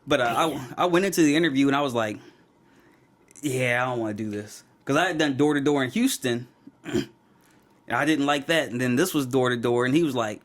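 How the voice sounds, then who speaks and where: A man's voice: medium pitch, fairly quick. A young man on a casual podcast, telling long stories with a laugh and acting out the people in them. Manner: animated storyteller who acts out quoted people, laughs often. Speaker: podcast co-host. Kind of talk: casual chat, storytelling.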